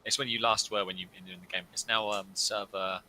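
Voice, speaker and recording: Bright-toned, low-voiced man bantering. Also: fairly even intonation, brisk, a little hiss or hum, rough recording. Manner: teasing, chuckling banter. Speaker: co-player. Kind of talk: casual gameplay chat.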